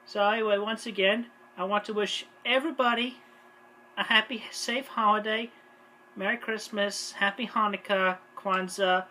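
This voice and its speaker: A woman's voice: mid-range voice, steady tone, normal speed, bright, forceful tone, rough recording. Easygoing woman with faint hiss behind. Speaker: vlogger. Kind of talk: holiday greeting vlog.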